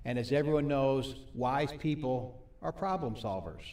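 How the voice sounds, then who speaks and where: A man preaching at a recovery ministry meeting, putting questions to his audience and reading scripture slowly. His voice sits at a middle pitch. It rings through an echoey hall and is picked up from some distance. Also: darkish tone. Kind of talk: sermon.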